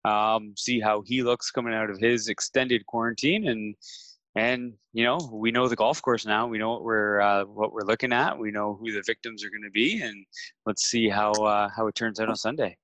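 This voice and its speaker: A man from Canada co-hosting a podcast, talking in a measured, stats-minded way in casual chat. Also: lowish voice, fairly even intonation, a bit bright, no echo. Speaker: podcast co-host.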